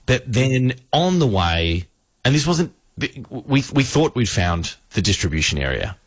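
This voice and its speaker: A radio host telling a funny story, acting out the people in it with lively voices. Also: male voice, mid-range voice, measured pace, no room sound. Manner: animated, acts out the people in his story.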